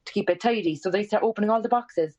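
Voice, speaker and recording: Talking fast, this Irish woman in her twenties tells a story as a guest on a podcast in a chatty, casual way. She curses freely and brings quoted lines to life with wide pitch jumps, and the sound quality is dull.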